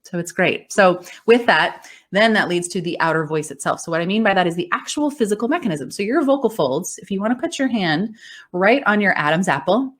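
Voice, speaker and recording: A woman's voice: medium pitch, lively intonation, a little fast. A woman voice coach and speech-language pathologist, explaining in a conversational interview with an encouraging, upbeat manner and frequent laughter.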